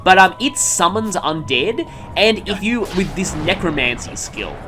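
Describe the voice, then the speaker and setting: Narrating his gameplay as a let's play commentator, a man rambles casually, with many ums and mid-sentence self-corrections. His pitch rises and falls with lively energy at a slightly slow pace, and soft game music plays faintly behind him.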